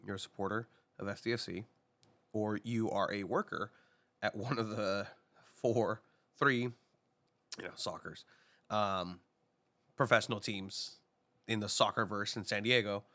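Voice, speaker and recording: A man co-hosting a casual podcast, animated and urging, often repeating himself. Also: lowish voice, measured pace, pauses often. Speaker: podcast co-host.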